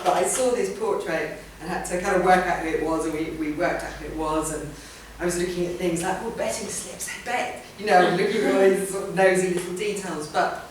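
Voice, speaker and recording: A woman's voice: on the low side, a little hiss or hum. A woman artist giving an informal public talk about her work, chatty and rambling, with many ums and restarts. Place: event room or hall. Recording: roomy hall sound from a distant mic.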